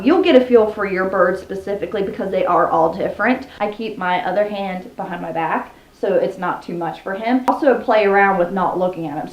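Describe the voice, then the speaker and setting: A woman vlogger explaining how to tame parrots in a casual, upbeat way, cooing at her birds between tips, recorded at home. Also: mid-range voice. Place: indoor room at home with pet birds. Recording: roomy, slightly dull home recording.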